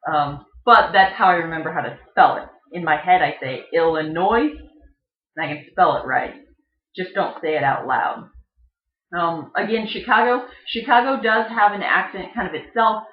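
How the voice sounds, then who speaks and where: Casual presenter, mid-pitched voice, lots of ums, imitates pronunciations; lo-fi sound in a reverberant room. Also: lively intonation, normal speed. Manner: chatty, filler-heavy, mimics regional pronunciations. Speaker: video presenter. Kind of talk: casual explainer talk. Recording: dull, echoey home recording.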